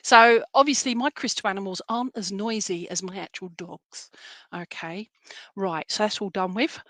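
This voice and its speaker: A woman's voice: medium pitch, moderate pace, no room sound. A woman who works as a medium, giving live readings in a loose, rambling way with lots of fillers and pet names for viewers. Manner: rambling, warm terms of address, many fillers. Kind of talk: live-stream reading, casual chat.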